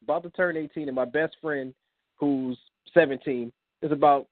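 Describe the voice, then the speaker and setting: On a call-in radio program, a comic book creator in his thirties casually shares personal stories, his voice on the high side at a moderate pace. He's animated and recounts events through quoted lines. The audio is a tinny phone line with no room sound.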